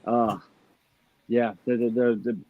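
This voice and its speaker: Middle-aged man from Michigan, average pitch, halting chat; dull, dry lo-fi recording. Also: flat delivery, no echo. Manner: halting, many restarts and fillers. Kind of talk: casual chat.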